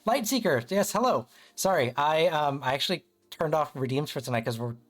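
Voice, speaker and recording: Over faint background music, this streamer speaks a little fast in a slightly high voice. He gives a relaxed livestream tarot reading, keeping it chatty, asking in with his audience, and leaning on phrases like "kind of" and "right?".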